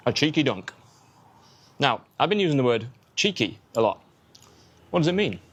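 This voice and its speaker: A man's voice: mid-range voice, sing-song, a little fast, a little hiss or hum. A young man with an English accent, giving a chatty vlog-style English lesson and explaining words with examples. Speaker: English teacher.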